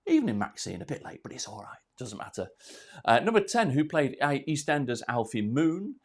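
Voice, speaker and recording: A man's voice: mid-range voice, sing-song, a little fast. A man hosting a live online quiz from home, out of breath, chatty and self-deprecating as he reads out questions and answers. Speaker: quiz host.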